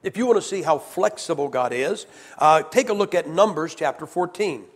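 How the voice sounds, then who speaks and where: A man preaching a sermon, emphatic, dropping low and then rising to shouts as he acts out quoted voices. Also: lively intonation, moderate pace. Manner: emphatic, shifts from hushed to shouted.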